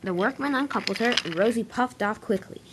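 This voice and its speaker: A woman's voice: fairly high pitch, brisk, heavy background noise. Woman narrating a toy train story.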